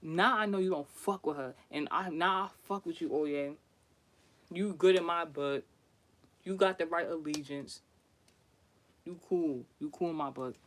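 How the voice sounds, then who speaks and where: A man's voice: a little high, measured pace, pauses often, fairly bright tone. A man telling a story in a casual vlog, chatty and profane, laughing often and restarting his sentences. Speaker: vlogger.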